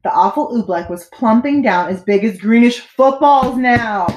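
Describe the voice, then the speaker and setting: A woman reading a children's picture book aloud, with expressive, dramatic delivery. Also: on the high side, moderate pace, few pauses, slight background noise. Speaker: storyteller. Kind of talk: children's story read-aloud. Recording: echoey room.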